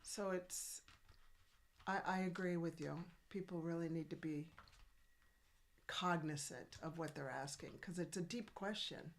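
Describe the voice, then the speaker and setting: A woman's voice: lowish voice, a little slow. A woman co-hosting a podcast, chatting casually and agreeing with her partner. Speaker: podcast co-host, physician. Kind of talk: casual chat.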